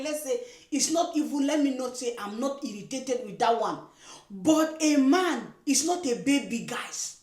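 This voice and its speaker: A woman giving indignant, scolding commentary on a video as a YouTuber. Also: sits high. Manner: scolding, indignant, emphatic repetition. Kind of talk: casual reaction commentary. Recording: echoey room.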